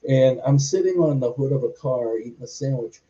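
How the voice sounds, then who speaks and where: A man's voice: medium pitch, brisk, warm tone. A middle-aged man, a former wrestler and stuntman, telling a long rambling story as an interview guest, wandering off on tangents. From Boston, US. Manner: goes off on tangents, acts out quoted dialogue. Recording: distant, muffled audio.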